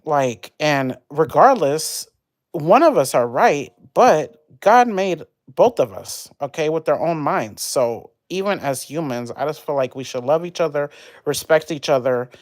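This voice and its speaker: A young woman chatting casually on a livestream, rambling and animated as she vents about an argument. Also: low voice, a little slow, no room sound, clean studio sound. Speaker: livestream host.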